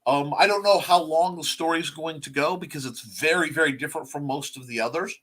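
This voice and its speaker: Rambling bright-voiced male host. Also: fairly high pitch, fairly quick. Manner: rambling, filler-heavy, many restarts. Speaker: talk show host. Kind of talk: casual livestream chat.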